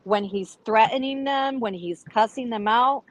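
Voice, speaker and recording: A woman's voice: on the high side, unhurried, muffled recording. A woman from Brazil and Uruguay on a video call, talking bluntly and emphatically as a panelist in a casual chat.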